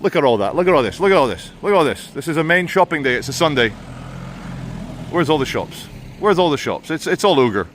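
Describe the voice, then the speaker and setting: A man with a British English accent doing a walking vlog outdoors on a town high street, ranting sardonically with wry asides. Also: big pitch swings, quick pace, a bit bright, a little hiss or hum. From England. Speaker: vlogger.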